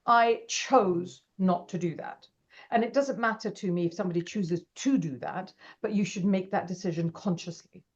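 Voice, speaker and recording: A middle-aged woman, a podcast guest telling stories in a lively, animated way and acting out quoted voices. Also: fairly low pitch, moderate pace, breathy edge, lo-fi sound. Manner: animated, acts out quoted voices, laughs often. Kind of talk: casual interview storytelling.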